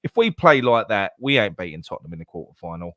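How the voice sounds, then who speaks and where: Heated sweary football fan. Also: male voice, on the low side, big pitch swings, fast, fairly bright tone, no echo, studio quality. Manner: swears a lot, stumbles and restarts, heated. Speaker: podcast co-host. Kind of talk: casual football chat.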